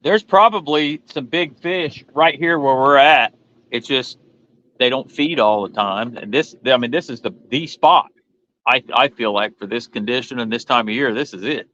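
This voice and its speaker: A man's voice: mid-range voice, normal speed, pushed and bright, highs cut off. A man chatting casually about fishing, laid-back and explaining things plainly. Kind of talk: casual chat on a fishing livestream.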